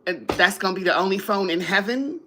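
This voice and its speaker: A woman talks on her live stream in a bright, forceful voice. She chats loosely with her viewers, laughs a lot and reads their comments aloud, a little drowsy after eating. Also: medium pitch, lively intonation, brisk, slight background noise. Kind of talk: casual live stream chat.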